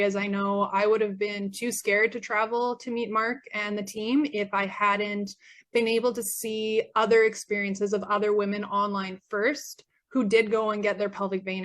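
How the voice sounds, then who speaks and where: Young woman from Canada, mid-range pitch, earnest grateful testimonial, voice a bit worn. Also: flat delivery, normal speed, a bit bright. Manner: earnest, grateful, with frequent fillers. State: losing her voice. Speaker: former patient. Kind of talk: personal testimonial.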